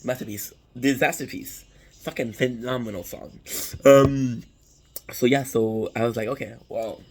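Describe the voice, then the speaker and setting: A young man tells a story straight to the camera while eating. He rambles and swears, restarts his sentences often, and keeps a medium pitch. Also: measured pace, a little mellow, rough recording. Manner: rambling, profane, frequent restarts. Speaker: vlogger.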